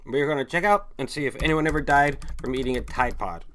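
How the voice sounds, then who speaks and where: Guy rambling on his stream, swears a lot, loses his train of thought and restarts, mid pitch. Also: expressive, fast, a bit bright, a little hiss or hum. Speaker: host of a rambling chat stream. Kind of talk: casual rambling monologue, reading viewer chat.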